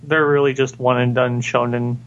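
A young man co-hosting a casual chat, relaxed and easygoing, often restarting his sentences. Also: mid-range voice, moderate pace, dull audio, slight background noise.

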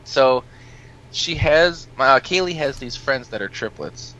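A man's voice: mid-range voice, animated, a little slow, sharp tone. A man casually telling long, rambling stories on a podcast, swearing freely and laughing at his own anecdotes. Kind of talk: casual storytelling chat. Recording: dull lo-fi sound.

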